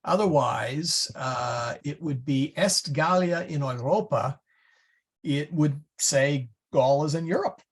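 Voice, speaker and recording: A man's voice: fairly high pitch, slow, breathy edge. A man teaching a small Latin class, thinking aloud as he clicks through slides and explains grammar. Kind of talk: informal class discussion.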